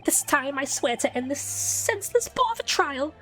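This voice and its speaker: A woman's voice: sits high, expressive, moderate pace, fairly bright tone, faint music behind, pitched above the performer's own voice. A woman voicing a haughty noble British witness in a mock posh foreign voice, scornful and drawn out.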